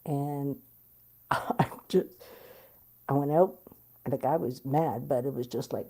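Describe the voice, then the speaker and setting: Middle-aged woman w a low dark voice, blunt n animated, swears a lot. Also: takes it slowly, long pauses, breathy edge. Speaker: interviewee. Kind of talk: candid storytelling.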